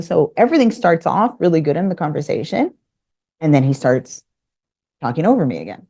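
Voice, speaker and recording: Low, mellow-voiced woman telling a story. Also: normal speed, breathy edge. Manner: animated, acts out both sides of conversations. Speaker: podcast guest. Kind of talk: casual storytelling.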